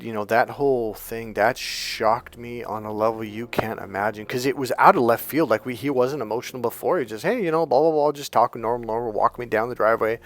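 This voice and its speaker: Male dating coach, mid-range voice, casual and animated storyteller who swears, faint music underneath. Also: mid-range voice. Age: young adult. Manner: animated, swears and acts out quotes.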